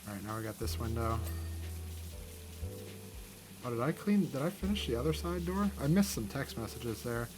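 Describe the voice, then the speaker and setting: Game music runs under this casual let's-play, where a young male host speaks expressively at normal speed in a mid-range voice, pausing often. He's cheerful and chatty, rambling as he plays and easily amused.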